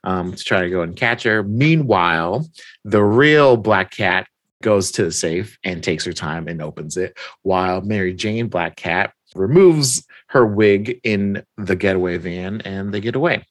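A man's voice: sits low, animated, a little slow, dry recording. A man in casual chat, animatedly retelling a story and quoting its characters, laughing often. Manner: quotes characters in his own voice, laughs often. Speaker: podcast co-host recapping a story.

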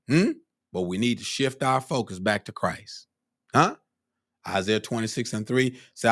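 A man's voice: lowish voice, lively intonation, a little slow, a bit bright, no echo, clean studio sound. A man preaching a sermon, quoting scripture in old wording and punctuating his points with "hmm?" and "huh?", his voice climbing into cries of glory.

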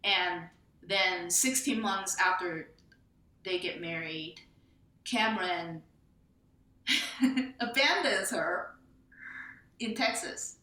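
Woman from Taiwan, bright echoey voice. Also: on the low side, extremely slow, pauses often. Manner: animated, laughing, tags lines with "right?". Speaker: memoir author, guest. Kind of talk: storytelling in an interview.

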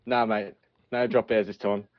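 A man's voice: fairly low pitch, little pitch movement, moderate pace, no room sound. Aussie guy calling into a podcast, cracks jokes, swears a lot, bit muffled line, dry sound. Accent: Australian. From Australia. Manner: joking, swearing, laughs often. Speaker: podcast guest. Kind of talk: casual call-in chat.

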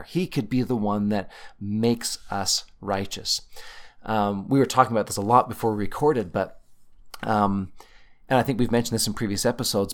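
A man hosting a scripture study podcast, talking in an emphatic, teacherly way and stressing key words. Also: mid-range voice. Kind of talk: conversational scripture discussion.

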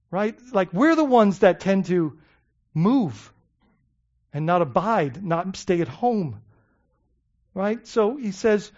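A pastor delivering a sermon in an emphatic, earnest way, stumbling into repeated words and tossing questions back to the listeners. The pitch sits in a middle range. The recording sounds muffled and lo-fi. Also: animated, measured pace, darkish tone.

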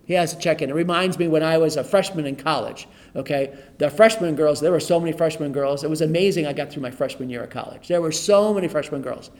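This time the pastor's somewhat high voice sounds a little mellow, and he talks fast with few pauses. The middle-aged man reads scripture to his informal Bible study and explains it conversationally, echoing his own phrases.

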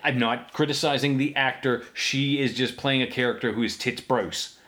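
A man's voice: medium pitch, normal speed, a little hiss or hum. A man co-hosting a podcast, chatting casually and crudely through a movie commentary, a little tipsy from drinking. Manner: crude, joking, animated riffing. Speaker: podcast co-host.

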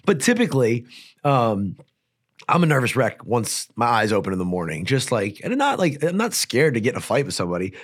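With a medium-pitched voice that makes big pitch swings, a man chats as a guest fighter on an audio-only podcast. He tells his stories fast and rambling, stuffed with fillers.

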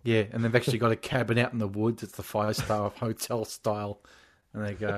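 A man's voice: on the low side, flat delivery, a little fast, hardly any pauses. A man as a podcast guest, making sarcastic, mocking asides in casual chat.

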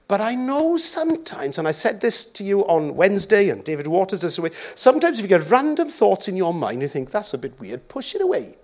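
A man preaching a sermon as pastor, joking and acting out voices along the way. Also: sits high. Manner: jokey, animated, acts out voices.

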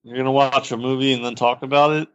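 A man trading dry, deadpan lines on a comedy podcast. He speaks in a flat, unbothered way. The recording is dull and lo-fi. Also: medium pitch, fast, smooth, no room sound. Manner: dry, deadpan, impatient to leave. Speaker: podcast co-host.

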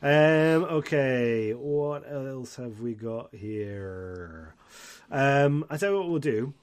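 A man's voice: mid-range voice, animated, takes it slowly. A man hosting a podcast in casual chat, rambling, swearing and laughing often. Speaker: podcast host.

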